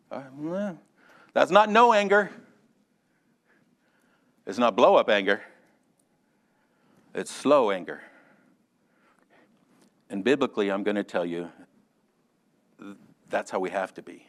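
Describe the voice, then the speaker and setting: A man teaching a Sunday school Bible lesson in a lively, conversational way, calling on class members by name and joking along the way. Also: lowish voice, unhurried, pauses often. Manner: animated, addresses class members by name, jokes.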